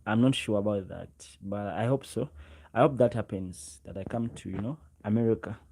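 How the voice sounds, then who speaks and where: A man's voice: fairly low pitch, moderate pace, creaky, a little mellow. A man from Uganda, hosting a casual livestream on his own microphone, greeting viewers by name and often repeating his words. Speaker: livestream host. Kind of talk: casual live chat with viewers. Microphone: own microphone, close.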